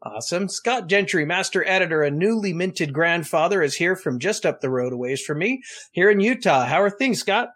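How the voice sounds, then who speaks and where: Man, podcast host, high-pitched voice, folksy playful intros, casual chat. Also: lively intonation, moderate pace, a bit bright.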